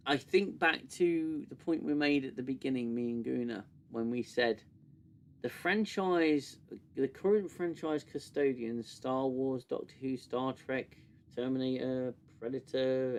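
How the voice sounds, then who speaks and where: A man's voice: mid-range voice, unhurried, clear, resonant tone. A British man hosting a casual livestream and reviewing a show, rambling with many fillers and restarts into a desk mic. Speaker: livestream host.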